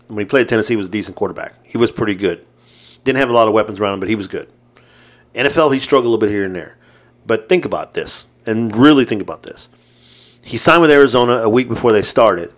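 Casting: animated male podcast co-host, profane and excitable, lively pitch swings. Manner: profane, excitable, laughs often. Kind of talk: casual sports chat.

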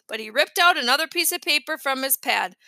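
A woman with a high, bright voice reads a children's chapter book aloud. Her storytelling is lively. The recording is close and dry, with no room sound. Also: a little fast, no echo. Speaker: narrator. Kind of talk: children's audiobook reading.

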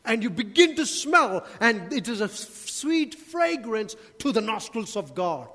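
A pastor's sermon in a church hall, carried on long reverb, mixes rhetorical questions with joking asides to the congregation. The man's voice is high-pitched, sing-song, and a bit bright, and he speaks a little slowly.

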